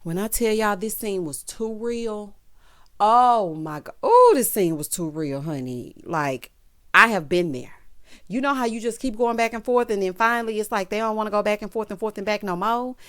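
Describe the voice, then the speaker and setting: A woman reviewing a TV episode in casual, sassy commentary. Her pitch swings widely as she talks. She keeps calling her listeners honey and child. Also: moderate pace. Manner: sassy, expressive, calls viewers honey and child. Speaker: TV recap reviewer.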